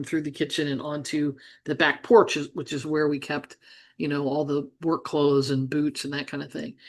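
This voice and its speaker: A middle-aged woman from Ohio, a business coach, telling a childhood farm story in an earnest way, with frequent restarts and asides. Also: low voice. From Ohio, United States. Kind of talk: storytelling monologue.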